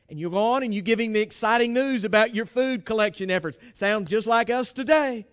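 High-voiced man preaching a humorous sermon. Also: brisk, hardly any pauses, a bit bright, clear, resonant tone. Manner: humorous storytelling, acting out dialogue. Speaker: pastor.

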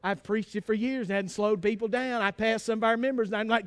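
A man's voice: high-pitched, fairly even intonation, a little fast, fairly bright tone. A male pastor preaching a folksy, emphatic sermon with bits of humor.

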